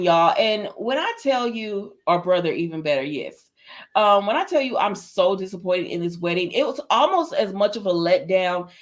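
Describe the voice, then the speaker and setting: A woman hosting a live stream, chatting casually and animatedly, laughing often and reading viewers' comments aloud. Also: medium pitch. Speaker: livestream host reviewing a soap opera.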